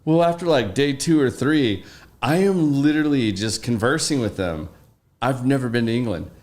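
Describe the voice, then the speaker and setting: Animated man spinning anecdotes in a loose podcast chat, average pitch. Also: moderate pace. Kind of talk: casual podcast conversation.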